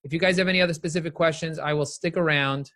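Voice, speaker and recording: Answering viewer questions on a live stream, a middle-aged man delivers a motivational talk with emphatic, animated energy and repeats phrases to drive points home. His voice is on the high side and he talks fast, captured in a dry, studio-quality recording.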